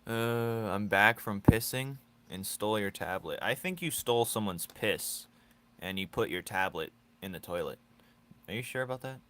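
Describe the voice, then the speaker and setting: A man's voice: fairly low pitch, moderate pace, bright, forceful tone. A man chatting casually with his viewers while drawing on a live stream, teasing and joking, laughing often.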